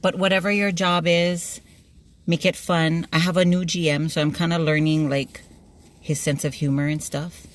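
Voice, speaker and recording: A woman's voice: low-pitched, level tone, moderate pace. Chatty woman with a lilt. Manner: chatty, laughs often, playful storytelling. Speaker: vlogger. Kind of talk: casual chat to camera.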